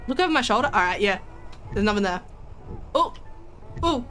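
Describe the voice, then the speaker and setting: A woman's voice: mid-range voice, expressive, moderate pace, a bit bright, soft background music. A young woman streamer chatting casually with her viewers while playing a game, giggling and joking. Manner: chatty, giggly, talks to chat. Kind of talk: casual gaming commentary.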